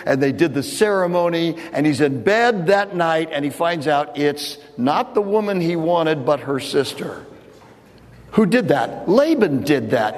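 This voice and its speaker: A pastor preaching a sermon tells a story loosely and conversationally, often restarting his sentences. His voice is high, with big swings in pitch, and he speaks unhurriedly. A long reverb tail follows his words.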